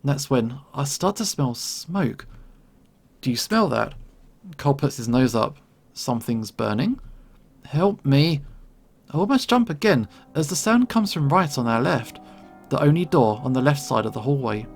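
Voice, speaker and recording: A man narrating a first-person game story in a tense, steady reading over soft background music. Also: medium pitch, moderate pace, gravelly. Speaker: gamer reading a visual novel.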